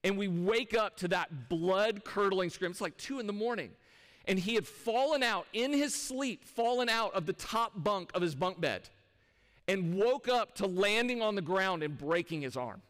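A male pastor with a notably high voice delivers a sermon in an easy, conversational way, often turning to the congregation with questions. His words ring out with a long reverb from a large church hall. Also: lively intonation, normal speed, a bit bright. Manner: conversational, with rhetorical questions to the audience. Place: church sanctuary.

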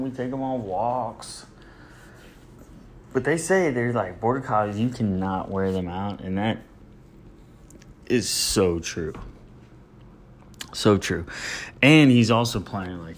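A deep-voiced man in his thirties hosts his own podcast, rambling casually with a joking, easygoing manner. His low voice carries relaxed, unscripted chatter full of asides. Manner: loose, joking and rambling, with hype openers. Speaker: podcast host. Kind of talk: casual solo podcast talk.

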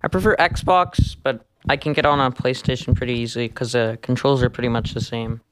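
A man's voice: mid-range voice, fairly even intonation, fairly quick, slight background noise. A teenage boy guest in casual chat, hesitant with many ums.

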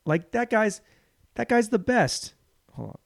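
Comic host, male, slightly high pitch, swooping animated delivery, crude rambling riffs, dry close sound. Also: a little slow, vocal fry, no room sound. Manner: rambling, profane, animated with mock voices. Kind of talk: crude comedic monologue.

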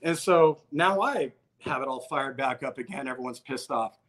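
A man's voice: mid-range voice, normal speed, a bit bright. A man telling a personal story in a casual conversation, in a blunt, profane way, often acting out what people said. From Albuquerque, New Mexico. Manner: profane, blunt, acts out quoted exchanges.

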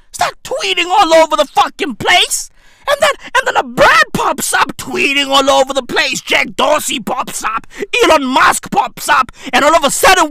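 A woman, loudly rambling through a comic monologue, repeating herself, swearing and dropping slang. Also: high-pitched, no echo. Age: 30s.

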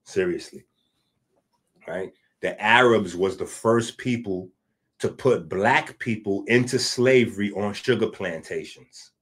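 A man from the Bronx, hosting a podcast and delivering a casual commentary monologue. He is animated and swings between loud and hushed, with frequent asides. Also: on the low side, takes it slowly, husky. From the Bronx, New York. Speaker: podcast host.

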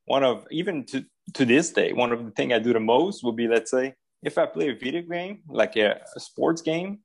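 A man with a French accent talks in a relaxed, conversational way as an interview guest, his voice sitting at an ordinary middle pitch. He works in a pro football front office and fills his sentences with easy hesitations and restarts. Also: normal speed, creaky, breathy edge. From Ottawa, Canada. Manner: easygoing, many fillers and restarts. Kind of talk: casual interview talk.

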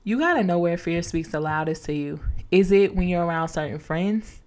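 This is a woman hosting a faith-based motivational podcast in a relaxed, conversational way. She keeps turning to her listeners as friends, repeating her main points like a preacher. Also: lowish voice, moderate pace. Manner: casual, encouraging, preacher-like repetition, addresses listeners as y'all. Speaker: podcast host.

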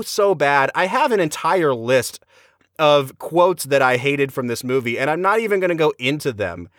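Speaking at a normal speed, this podcast co-host tears into a film in an offhand conversation, exasperated and emphatic, his pitch leaping up and down. The sound is clean studio audio without any echo.

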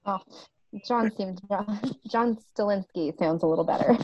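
A woman's voice: mid-range voice, unhurried, very noisy. A young woman co-hosting a podcast, chatting casually with lots of fillers and easy laughs. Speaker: podcast co-host. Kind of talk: casual chat. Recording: dull lo-fi sound.

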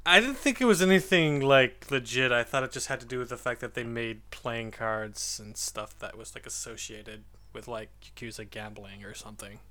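A man with a bright, forward voice at a middle pitch, chatting casually as a podcast co-host. He is easygoing and jokes a lot, often laughing. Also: moderate pace, hardly any pauses. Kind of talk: casual chat.

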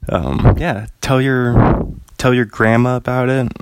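A man's voice: medium pitch, fairly even intonation, slow pace, a little mellow, smooth, no room sound. Rambling laid-back male podcast host. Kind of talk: casual solo podcast chat. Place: home apartment.

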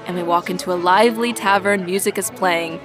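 A woman narrating her own moves in an improvised role-play, in a brisk storytelling manner. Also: fairly low pitch, fairly even intonation, over music, a crowd in the background. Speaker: player narrating her actions.

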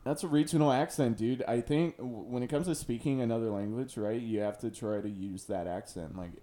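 A man's voice: mid-range voice, a little fast, dark tone. Exasperated young man arguing on a podcast. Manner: insistent, exasperated, says bro and dude a lot. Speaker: podcast co-host. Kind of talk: casual comedic argument.

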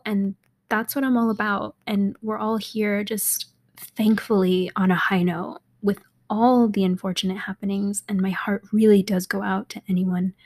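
A woman's voice: medium pitch, darkish tone. A young woman hosting a casual solo podcast, chatty and rambling, laughing often and dropping into half-whispers. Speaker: podcast host. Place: apartment in a city.

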